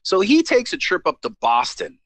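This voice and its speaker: A man's voice: high-pitched, normal speed, no echo. A man co-hosting a casual comedy show, telling game matchups as stories, teasing his partner and moving the show along. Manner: animated storyteller, teasing, moves the show along. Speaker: co-host.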